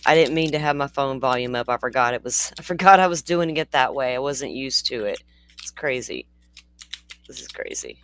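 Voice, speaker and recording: A host giving quiet, apologetic asides during a live stream. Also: mid-range voice, fairly quick, clear, resonant tone, no echo.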